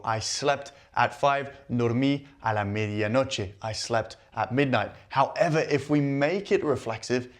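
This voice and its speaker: A man gives a methodical language lesson, walking through grammar examples one at a time. His voice sits at an ordinary middle pitch. He slows down and leans on the words he wants to stick. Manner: clear, methodical, stresses key words. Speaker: Spanish teacher.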